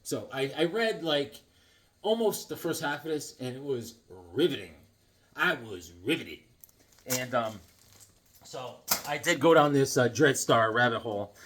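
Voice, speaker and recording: A man's voice: mid-range voice, lively intonation, measured pace, fairly bright tone, a little hiss or hum. A man casually showing his comic books, rambling and joking with many restarts and silly asides. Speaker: comic book vlogger. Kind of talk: casual show-and-tell chat.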